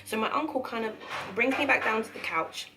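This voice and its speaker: A woman's voice: on the high side, brisk, noisy background. Earnest young woman telling a spooky story. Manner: earnest, animated retelling with emphatic repeats. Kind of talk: casual storytime narration. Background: faint piano music.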